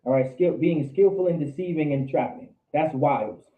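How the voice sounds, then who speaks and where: A man's voice: fairly high pitch, normal speed. A man leads a Bible study, firing questions at his students and hammering points home through repetition. His voice comes through thin and tinny, like over a phone line, and echoes around a room. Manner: quizzes students, repeats for emphasis. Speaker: Bible class teacher. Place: indoor meeting room with a class.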